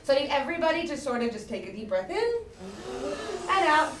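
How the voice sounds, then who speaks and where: High-voiced playful woman leading warm-ups. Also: very animated, a little fast, background noise. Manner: upbeat, playful, often calls out loudly. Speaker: theater workshop leader. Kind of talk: energetic vocal warm-up coaching. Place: school classroom. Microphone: far camera. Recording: echoey classroom from far off. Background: crowd of students.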